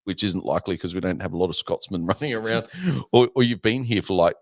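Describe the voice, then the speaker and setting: Low-voiced Australian co-host, halting. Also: male voice, no room sound, studio quality. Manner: thoughtful, halting, many fillers and restarts. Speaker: podcast co-host. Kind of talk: casual live-stream chat.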